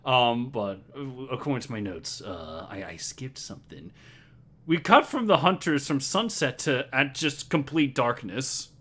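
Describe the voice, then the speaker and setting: A man telling friends about a movie in casual chat, animated and quick to laugh, rambling and restarting his sentences. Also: medium pitch, breathy edge. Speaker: host recapping a movie to friends.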